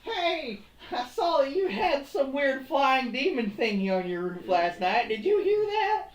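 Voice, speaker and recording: A man doing a squeaky, gossiping neighbor. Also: big pitch swings, unhurried, echoey room, far from the mic, full character voice. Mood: gossipy. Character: nosy, excitable neighbor.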